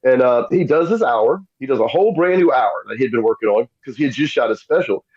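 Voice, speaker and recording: A man's voice: medium pitch, fast, breathy edge, muffled recording. A middle-aged man telling stories as a podcast guest and acting out the voices of the people in them. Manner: animated, acts out quoted voices. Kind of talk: casual storytelling.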